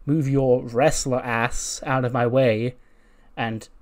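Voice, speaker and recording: A man's voice: medium pitch, little pitch movement, slow pace, a little mellow, natural voice. A man plays a haughty woman executive who scolds and bosses people around. The voice stays close to his own. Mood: scolding.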